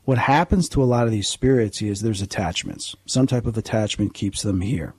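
A man's voice: lowish voice, normal speed, darkish tone, husky, no room sound. A man who investigates the paranormal, a guest on a radio interview, explaining at length in an earnest, rambling way with frequent restarts.

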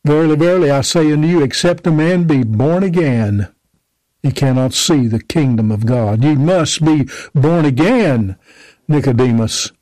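A man's voice: fairly high pitch, moderate pace, mellow, dry recording, poor audio. A man preaching a sermon, emphatically quoting and explaining scripture.

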